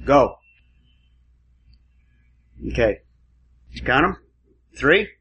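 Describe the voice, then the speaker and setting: A man's voice: mid-range voice, animated, very slow, a bit bright, husky, low-quality recording. A man teaching a class, giving a lecture and quizzing students with questions.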